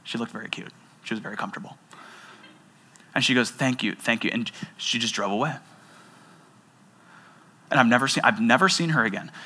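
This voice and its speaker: A young man, a pastor, preaching a sermon and telling a personal story in an animated way, with frequent restarts. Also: medium pitch.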